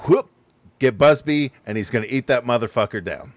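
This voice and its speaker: A man's voice: mid-range voice, fairly quick, dry recording. A man co-hosting a casual chat, joking along with playful asides. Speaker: podcast co-host.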